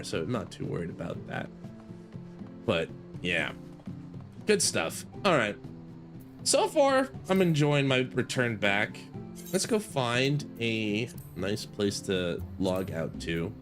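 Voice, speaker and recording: A man's voice: medium pitch, fairly bright tone. A male game streamer chatting loosely to his viewers, his voice rising and falling a lot as he rambles. He keeps correcting himself mid-sentence and talking straight to chat. Faint guitar music plays under him. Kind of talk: casual gaming stream chat.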